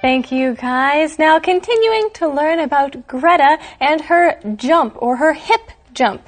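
A woman hosting a reading lesson, who explains in a friendly, measured way and reads passages aloud. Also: high-pitched, animated, faint music behind. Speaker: language lesson host.

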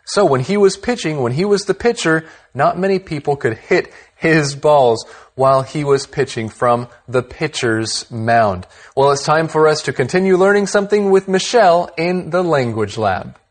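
A man's voice: fairly high pitch, lively intonation, normal speed, hardly any pauses. A man co-hosting an English lesson, explaining phrases in an upbeat, plain-spoken way. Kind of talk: scripted language lesson chat.

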